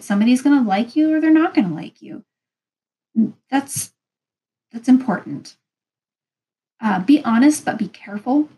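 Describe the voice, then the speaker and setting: A woman's voice: mid-range voice, darkish tone, low-quality recording. A woman vlogger giving casual advice, talking frankly and rambling a little. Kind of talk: casual advice talk to camera.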